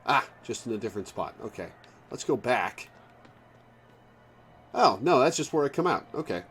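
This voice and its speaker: A man's voice: mid-range voice, very animated, moderate pace, fairly bright tone, faint music behind. A man streaming a game, reacting aloud with wry asides. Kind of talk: live game commentary.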